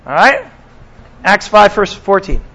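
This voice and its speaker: A man's voice: high voice, sing-song, measured pace, pushed and bright, poor audio. A man preaching a sermon as pastor, talking conversationally to his congregation and slipping in sarcastic asides.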